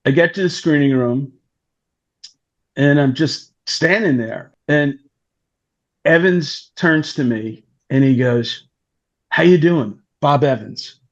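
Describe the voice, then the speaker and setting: A man's voice: medium pitch, takes it slowly, dull audio. A man telling a long anecdote in a casual interview, acting out the voices of the people in it. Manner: animated, acts out quoted voices. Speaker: guest storyteller, talent manager.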